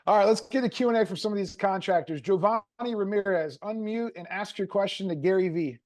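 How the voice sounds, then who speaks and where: Slightly high-voiced man hosting a Q&A. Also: a little fast, darkish tone. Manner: rambling, restarts, fillers. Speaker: mastermind host. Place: video call.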